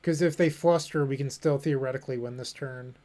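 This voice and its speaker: A man's voice: mid-range voice, fairly even intonation, fairly quick, darkish tone. A young man streaming a card game, thinking aloud and joking with his chat in a casual way. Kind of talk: casual commentary while playing.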